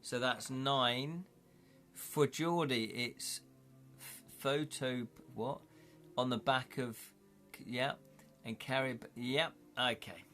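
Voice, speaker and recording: A man's voice: medium pitch, slow, pushed and bright, faint music behind. A man chatting casually on a live stream as he plays through a gamebook, thinking aloud and correcting himself as he counts up dice rolls.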